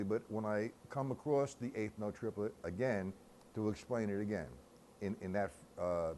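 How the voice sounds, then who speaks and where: A man with a lowish, darkish voice teaches a drum-reading lesson, patiently counting beats aloud step by step. He's casual, using fillers and clearing his throat, and there's a little hiss or hum in the recording.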